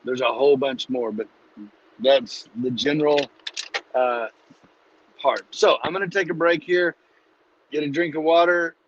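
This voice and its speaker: A man hosting a live-streamed Bible study, teaching in a casual, energetic, preachy way and calling listeners "dude". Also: on the high side, measured pace, pauses often, slight background noise. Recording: dull lo-fi live stream audio.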